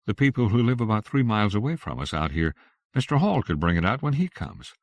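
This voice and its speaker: A man's voice: lowish voice, big pitch swings, brisk, dry recording, voice pushed up. A man voicing a polite middle-aged wife who talks with strained, placating patience. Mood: anxious.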